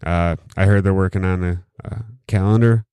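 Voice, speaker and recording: A podcast host speaks in a low, mellow, clean voice at a moderate pace with fairly even intonation, recorded close on a studio mic with no room sound. It's casual chat, rambling and jokey, with heavy profanity throughout.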